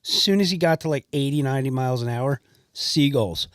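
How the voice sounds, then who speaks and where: A man's voice: medium pitch, brisk, no room sound, clean studio sound. A man from New Jersey, hosting a podcast and telling stories in casual chat, swearing freely and acting out the people he describes. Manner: animated storyteller, swears freely, acts out the people in his stories. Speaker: podcast host.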